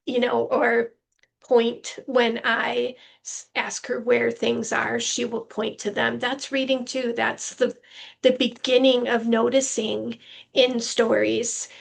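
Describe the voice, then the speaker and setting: Slow, gravelly older woman. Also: on the high side. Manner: slow, measured, with frequent ums. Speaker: retired teacher. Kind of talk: casual panel talk.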